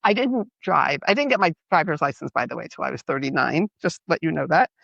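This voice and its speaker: A middle-aged woman from New York, co-hosting a podcast and telling animated, laughing stories in casual chat. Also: sits low, brisk, vocal fry, dry recording, highs cut off. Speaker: podcast co-host.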